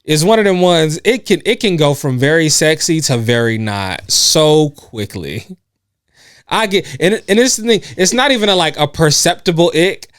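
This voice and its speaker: A man's voice: fairly high pitch, lively intonation, moderate pace, fairly bright tone, smooth, no echo, studio quality. A man co-hosting a podcast in casual chat, telling stories, laughing often and acting out what others said. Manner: storytelling, laughs often, acts out quotes. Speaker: podcast co-host. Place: indoors on a couch.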